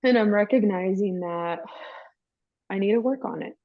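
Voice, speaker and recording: Speaking at a moderate pace in a mid-range voice, this woman guest shares a candid personal story, chatty and emphatic, addressing the listener as "girl." There's no echo, and the sound is dry, dull and lo-fi.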